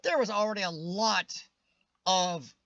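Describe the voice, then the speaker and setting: High-voiced, ranting man. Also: unhurried, a bit bright, no room sound, lo-fi sound. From United States. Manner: opinionated ranting, answers chat comments by name. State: starting to lose his voice. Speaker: livestream host reading chat. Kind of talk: casual live-stream chat.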